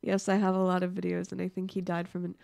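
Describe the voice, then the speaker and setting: A woman's voice: on the low side, monotone, fast, creaky, a little mellow. A woman co-hosting a podcast, chatting casually with dry, teasing remarks. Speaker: podcast co-host. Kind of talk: casual crude chat.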